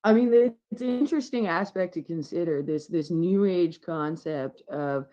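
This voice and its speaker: A woman guest telling a candid story in casual chat, swearing freely and getting animated as she goes. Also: lowish voice, normal speed, lo-fi sound. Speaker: podcast guest.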